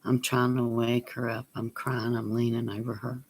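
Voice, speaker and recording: A man telling a personal story on his vlog, plain and unhurried, sometimes dropping to a near whisper. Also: medium pitch, completely flat delivery, husky. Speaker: vlogger.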